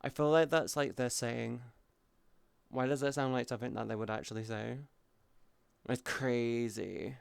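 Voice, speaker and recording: A man streams live and chats frankly with his viewers, swearing now and then as he answers them. His voice is smooth and resonant, sitting in an everyday middle register, and it sounds close and dry with no room around it. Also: mid-range voice, steady tone, moderate pace, no room sound. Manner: candid and open, swears freely, answers chat.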